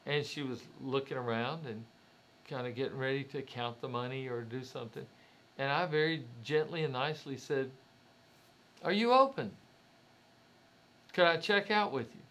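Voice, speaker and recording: A man's voice: medium pitch, fairly bright tone. Man giving a motivational talk. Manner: direct, conversational, rhetorical questions to the listener. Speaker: motivational speaker.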